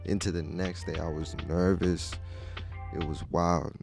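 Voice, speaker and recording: A man's voice: low-pitched, level tone, a little slow, over music. A man in casual podcast chat, telling stories in an easygoing way and swearing casually.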